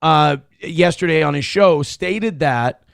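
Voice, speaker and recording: Man, morning show host, gravelly, crude rapid banter, dry studio mic. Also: a little high, no room sound. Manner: loud, crude, fast banter. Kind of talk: casual livestream chat reading donations.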